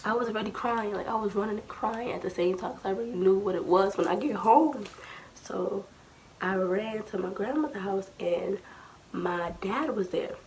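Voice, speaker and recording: A young adult woman telling a childhood story in a casual vlog, animated and slangy, acting out what her family said. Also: mid-range voice, moderate pace, a little hiss or hum. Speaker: storytime vlogger.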